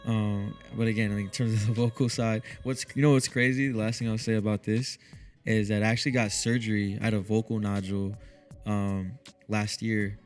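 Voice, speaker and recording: Smooth-voiced low radio DJ man. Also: faint music behind. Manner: calm, unhurried, drops lots of "you know what I mean". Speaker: DJ and radio host, interview guest. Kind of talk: relaxed conversational interview.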